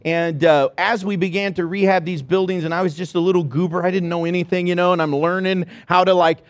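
A male pastor preaching a sermon, telling a story with animated, rising excitement. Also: high voice, fairly quick, no room sound.

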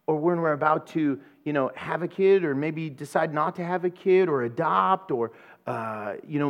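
Animated storytelling pastor, fairly high voice. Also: male voice, dull audio. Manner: animated storyteller, acts out voices and laughs at his own jokes. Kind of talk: sermon with a humorous personal story.

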